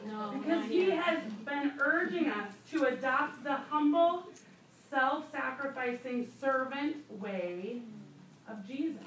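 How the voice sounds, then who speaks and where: A woman's voice: high voice, expressive, slow pace, a bit bright, roomy sound. A woman teaching a Bible study to other women, talking conversationally with laughing asides and emphatic repetition, recorded from a distant mic in a church room. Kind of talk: sermon teaching.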